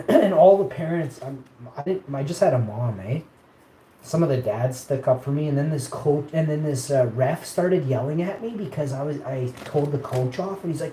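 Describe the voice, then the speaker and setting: Streamer man, casual rambling storyteller, mellow tone, laughs a lot, roomy echo with faint background noise. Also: on the high side, expressive, brisk. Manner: rambling, laughs often, quotes people in raised voice. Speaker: live streamer. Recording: echoey room with faint ambient noise.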